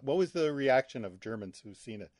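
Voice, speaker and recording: A man's voice: mid-range voice, expressive, brisk, darkish tone, no echo, studio quality. A man interviewing a director, asking curious, casual and playful questions.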